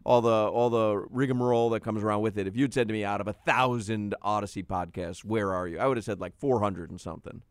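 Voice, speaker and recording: A man's voice: lowish voice, fast talker, few pauses, no echo. A male sports radio co-host in casual studio banter, chatty and laughing often as he plugs the show. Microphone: studio microphone.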